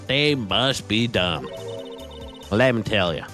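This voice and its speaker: A man's voice: lowish voice, big pitch swings, slow, bright, forceful tone, faint music behind, heavily acted. Man doing a sassy Southern gal. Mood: feisty. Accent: American Southern. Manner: sassy, bossy drawl. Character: brash young Southern woman photographer. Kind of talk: reading game dialogue aloud.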